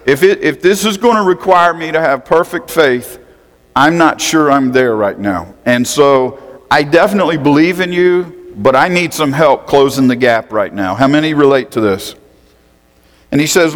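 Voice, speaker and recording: A man's voice: on the high side, moderate pace. Guy pastor preaching, chatty, asks the room stuff, long echo like a big church. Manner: conversational, asks the congregation questions. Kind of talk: sermon.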